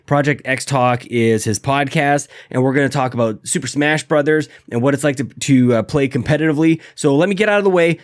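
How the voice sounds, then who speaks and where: A man hosting a podcast while sick, short of breath from a cough, talking in a rambling, self-deprecating, upbeat way. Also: mid-range voice. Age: adult, married. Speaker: podcast host. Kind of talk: casual podcast chat.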